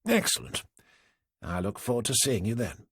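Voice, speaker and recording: A man's voice: mid-range voice, very animated, normal speed, slightly rough, dry recording, studio quality. A man voicing a smug, smirking politician who is a villain, speaking with false politeness in an audiobook reading. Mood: smirking, sly.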